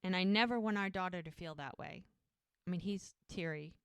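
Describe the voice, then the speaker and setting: Smooth-voiced woman recapping a show. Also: on the low side, fairly quick, no room sound. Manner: retells scenes by acting out characters' lines, laughs often. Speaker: podcast co-host. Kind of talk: casual recap of a TV episode.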